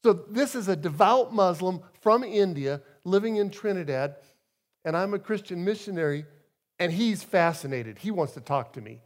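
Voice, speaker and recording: A man preaching as a guest speaker, his voice sitting fairly high for a man. He tells stories from the pulpit, dropping soft and then rising loud for emphasis. He sounds middle-aged. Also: animated, moderate pace. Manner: storytelling, emphatic swings in loudness. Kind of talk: sermon.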